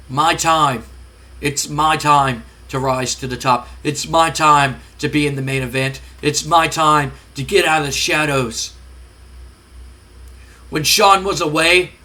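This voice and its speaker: A man's voice: a little high, sharp tone. A man voicing an arrogant young male wrestler who talks in a boastful, sneering way.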